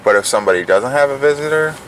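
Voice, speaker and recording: A man vlogging in casual chat, speaking calmly and in a low-key way from a car. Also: very fast, a crowd in the background, poor audio. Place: inside a car. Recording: loud road noise in a car.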